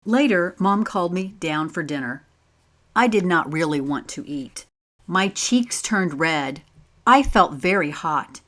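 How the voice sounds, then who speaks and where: A woman reading a children's picture book aloud as a teacher, pausing to ask the listeners simple questions. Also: on the low side, a bit bright. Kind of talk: slow read-aloud storytime with questions.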